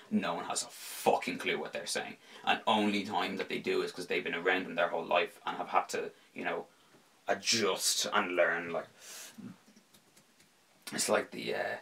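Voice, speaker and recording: A man's voice: low-pitched, vocal fry, rough recording. A man hosting a podcast in casual sports chat, rambling and swearing freely. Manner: animated, slips into impressions. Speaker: podcast host.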